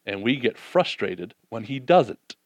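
A man preaching a sermon, reading scripture and acting out the disciples' doubts in an animated way, then dropping soft and slow to reflect. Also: medium pitch, dry recording.

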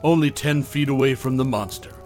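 A man narrating a first-person horror story in a plain, steady storytelling voice, reading the dialogue as he goes. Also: medium pitch, a little fast, faint music behind.

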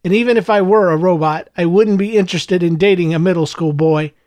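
A man voicing a curt, prim female receptionist who speaks in a flat monotone. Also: high voice, brisk, dry recording, studio quality, natural voice.

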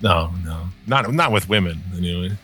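A man's voice: low voice, expressive, normal speed, bright, forceful tone, faint music behind. A man from the upper Midwest co-hosting a podcast, talking in a profane, rambling, casual way. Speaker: podcast co-host. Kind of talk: casual chat.

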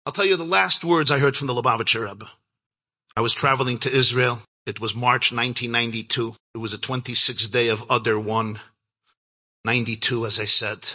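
A man telling a heartfelt personal story as a rabbi, his voice very bright with a husky, breathy edge. He speaks earnestly and reflectively, jumping up in pitch to act out the lines he quotes. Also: fairly quick. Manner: animated, acts out quoted lines with big pitch jumps. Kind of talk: storytelling talk.

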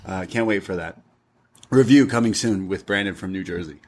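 A man, co-hosting a casual review podcast and retelling scenes with lively acted-out quotes. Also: sits low, moderate pace, slight background noise. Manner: animated storytelling, acts out quotes. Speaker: podcast co-host.

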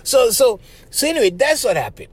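Lively man with a Hawaiian Pidgin accent. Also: extremely high pitch, fairly quick, husky. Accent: Hawaiian Pidgin English. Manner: animated, laughing often, acts out voices, says "right?" after phrases. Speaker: podcast host. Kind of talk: casual storytelling monologue.

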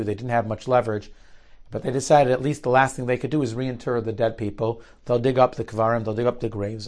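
Animated male storyteller. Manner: lively, shifts pitch and volume for quoted characters; uses Yiddish and Hebrew terms. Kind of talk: spoken storytelling.

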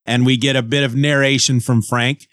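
A man hosting a comic book podcast, recapping and reviewing an issue in a casual, animated way with chuckles. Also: mid-range voice, moderate pace, dry recording, studio quality.

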